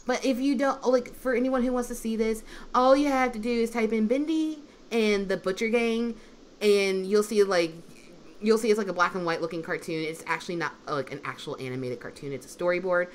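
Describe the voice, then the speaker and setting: A woman's voice: medium pitch, fairly quick, a little hiss or hum. A woman in casual livestream chat with fellow dubbers, rambling and chatty, full of "I'm like", talking from home on an online call. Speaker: dub group member on livestream.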